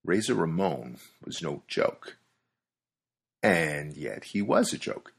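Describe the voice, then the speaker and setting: Low, husky man with a wry delivery. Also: very animated, slow pace. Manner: wry, conversational, amused. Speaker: commentator. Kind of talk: scripted monologue.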